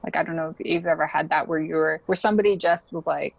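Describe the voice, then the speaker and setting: Low-voiced woman with gravelly fry, chatty. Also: steady tone, quick pace, no room sound, muffled recording. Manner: chatty, laughs often, many fillers. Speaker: podcast guest. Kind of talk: casual interview chat.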